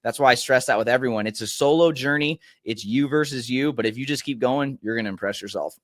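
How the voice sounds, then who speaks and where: A man's voice: mid-range voice, fast talker, a bit bright, dry recording. A young man, a mental golf coach and podcast guest, giving earnest, encouraging advice in casual chat with frequent "uh"s.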